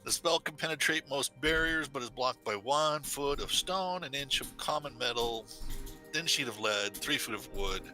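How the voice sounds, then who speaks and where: A man's voice: mid-range voice, low-quality recording. A man running a tabletop game as game master, rambling and hesitant, reading rules aloud as he goes. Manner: rambling, hesitant, looks up rules mid-sentence.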